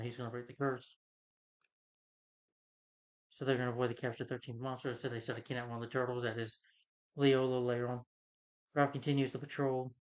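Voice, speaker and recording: A man's voice: mid-range voice, highs cut off. A man reviewing a film, casually retelling its plot in a loose, rambling way with plenty of "you know".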